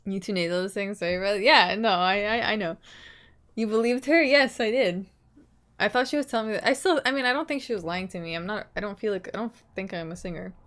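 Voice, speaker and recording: A young woman in casual livestream chat, answering her viewers' comments in a loose, chatty way. She laughs often and lets her sentences trail off softly. Her voice sits in an ordinary middle pitch for a woman. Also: a little fast.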